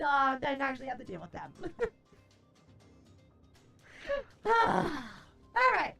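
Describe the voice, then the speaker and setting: A woman's voice: very high-pitched, creaky, fairly bright tone. A woman streamer chatting casually with her viewers, brash and profane, launching into theatrical rants. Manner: theatrical, playful.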